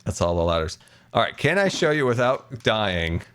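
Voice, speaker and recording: A man's voice: lowish voice, very animated, moderate pace, a bit bright, clean tone. A man in his thirties streaming a game, chatting playfully with a friend and putting on a theatrical tone now and then. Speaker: Minecraft streamer. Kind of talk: casual gaming stream chat.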